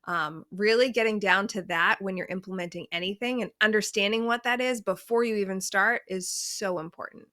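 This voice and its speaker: A woman co-hosting a casual podcast, talking conversationally and firing off quick practical questions. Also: mid-range voice, bright, forceful tone, no room sound, studio quality. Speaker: podcast co-host.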